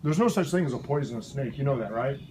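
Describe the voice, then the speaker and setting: A man teaching a lively, playful science lesson to a class of children, asking them questions as he goes. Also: medium pitch, quick pace, a crowd in the background. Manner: animated, playful, asks kids questions. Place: elementary school classroom.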